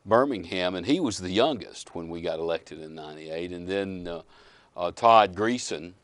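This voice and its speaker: Low-voiced man, halting speech. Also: animated, no echo. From Alabama. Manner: hesitant, with many uh fillers and restarts. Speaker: former state representative and guest. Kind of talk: casual interview chat.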